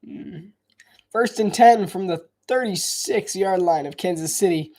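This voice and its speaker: A man's voice: high voice, a little slow, darkish tone. A man calling a football game live in a casual, chatty way, thinking aloud and hedging with frequent restarts. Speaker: live sports commentator. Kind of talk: casual live play-by-play commentary.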